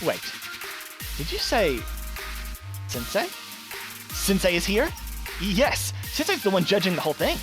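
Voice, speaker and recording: A woman's voice: medium pitch, wildly swooping pitch, unhurried, long pauses. A woman playing a bratty hot-headed girl. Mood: scheming. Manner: whiny, brash, swearing. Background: music.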